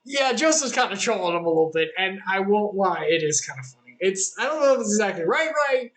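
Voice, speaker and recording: A Bible study leader with a mid-pitched voice. The leader reads a passage of scripture aloud, then retells it in relaxed, conversational language with fillers and asides. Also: quick pace, poor audio.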